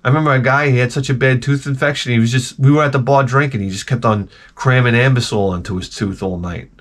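A man's voice: medium pitch, fast. A man with a New York accent hosting his channel, ranting in an exasperated, sarcastic and profane comic way. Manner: exasperated and sarcastic, heavy swearing. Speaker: retro game channel host.

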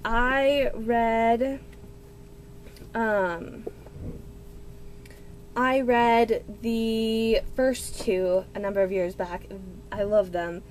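Gushing young woman, slow and high. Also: slight background noise. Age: 20s. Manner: gushing and excitable, with gasps and squeals. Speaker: book vlogger. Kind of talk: casual unboxing vlog.

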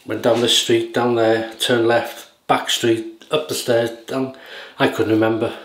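While shaving, a vlogger chats casually in a mid-range voice with little pitch movement and a measured pace. His stories ramble, he chuckles, and he often loses the thread; the recording is roomy with faint noise.

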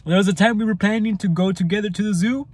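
A man with a high voice speaks in a raw personal account. He is emotional, circles back over his own words and swears freely. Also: fairly even intonation, quick pace, husky. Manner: emotional, repeats himself, swears. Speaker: vlogger telling his own story.

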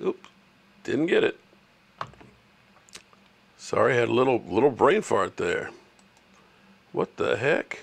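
A man's voice: mid-range voice, sing-song, slow pace, gravelly, long pauses, breathy edge. A man hosting a casual sports livestream, chatting with viewers and ranting at rival fans. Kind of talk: casual live-stream chat with viewers.

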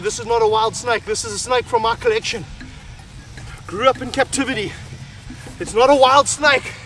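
A man presenting a wildlife vlog while handling snakes, out of breath and excited. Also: sits high. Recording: music bed under the voice.

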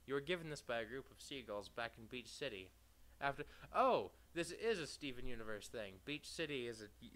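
A young man giving casual, profane gameplay commentary, reading game text aloud with sarcastic asides and sudden loud outbursts. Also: medium pitch. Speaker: let's play gamer.

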